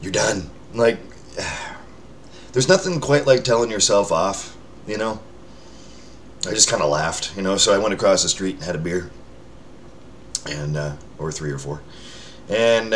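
Low-voiced guy rambling on a casual check-in video, jokes at himself, faint hiss behind. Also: lively intonation, measured pace, pauses often, a bit bright. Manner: rambling, self-mocking, with filler words and restarts. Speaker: vlogger checking in with followers. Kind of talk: casual rambling chat to camera. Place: indoors under a lamp near a window.

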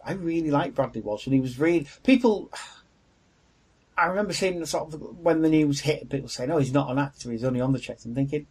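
A man's voice: a little high, fast, darkish tone, husky. A man co-hosting a podcast, chatting casually, candid and jokey with blunt opinions. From Wales. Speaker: podcast co-host. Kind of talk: casual chat.

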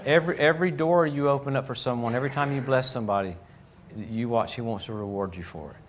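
A man preaching a lively, joking sermon as pastor of a church, acting out little voices as he goes. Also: mid-range voice, fast talker, slight background noise. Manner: animated, jokey, acts out voices.

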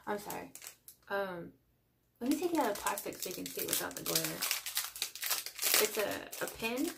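Gushing Texan woman, gravelly voice. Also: mid-range voice. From Texas. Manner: gushing, chatty, drifting into soft near-whispers. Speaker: unboxing vlogger. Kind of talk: casual unboxing chat. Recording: noisy home recording.

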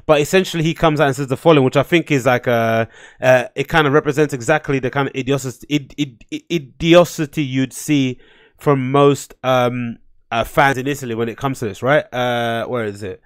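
A man's voice: medium pitch, moderate pace, clean tone. A man hosting his own podcast, ranting in a blunt, profane, rambling way, often getting heated. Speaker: podcast host. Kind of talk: casual solo rant.

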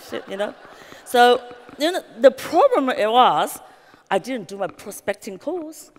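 A woman with a Chinese accent, a real estate business founder telling her story at a conference with lively anecdotes, acted quotes and many "you know" fillers. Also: on the high side, unhurried. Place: large conference hall. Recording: long reverb of a large hall.

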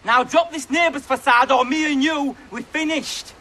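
A brash, crude lad who boasts and throws cheeky insults around. His voice is bright and forceful. A faint noise runs underneath. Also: very high-pitched, steady tone, normal speed. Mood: ranting. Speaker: comic character. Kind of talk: comedy sketch acting.

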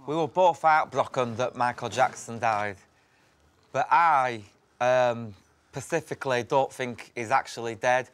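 A man's voice: mid-range voice, a little slow, fairly bright tone, clear, resonant tone, close to an everyday voice. A man playing a plain-spoken male fan who talks matter-of-factly.

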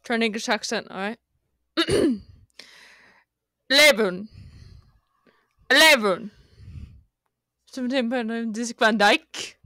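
A woman's voice: a little high, slow pace, pauses often, no echo, studio quality. A woman voicing an exasperated Scottish woman stuck in a lift, in a put-on Scottish accent, for a comedic fan dub. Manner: exasperated, building to furious yelling. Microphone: close, hot mic.

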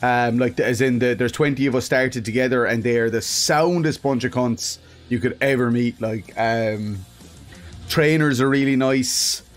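A man's voice: mid-range voice, moderate pace, soft background music. An Irish man chatting casually on a live game stream, greeting viewers by name, laughing often and swearing freely. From Ireland.

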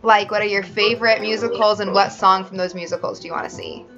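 A woman's voice: medium pitch, steady tone, fast, highs cut off, music in the background. A woman hosting a casual gaming chat, sounding sleepy and yawning often as she plays. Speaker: host playing a video game.

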